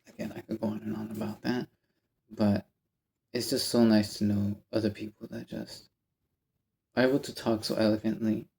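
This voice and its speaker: A man's voice: fairly low pitch, vocal fry, a little hiss or hum. A man telling a rambling story to camera in a casual vlog, often stopping to correct himself. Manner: rambling, animated, self-interrupting. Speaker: vlogger.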